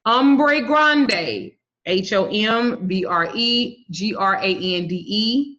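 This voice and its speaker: A fairly high, expressive, slightly bright female voice speaks at a slow pace, belonging to an herbal and spiritual teacher. She teaches a casual online herb class bluntly, bawdily, and profanely, joking as she goes and spelling out herb names letter by letter. Muffled lo-fi sound.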